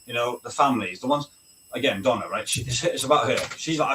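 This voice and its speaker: A man's voice: mid-range voice, quick pace, a bit bright. A man, a British army veteran, talking candidly and bluntly in a casual chat, swearing freely and often asking "right?". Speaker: veteran guest. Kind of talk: casual video-call chat. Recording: distant mic with faint noise.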